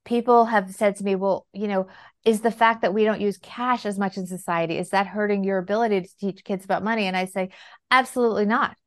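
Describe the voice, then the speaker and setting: A woman guest on a podcast, a financial planner telling parenting stories in a conversational, animated way and acting out the dialogue. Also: mid-range voice, fairly quick. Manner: animated, acts out quoted dialogue. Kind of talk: conversational storytelling. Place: lives in New York City.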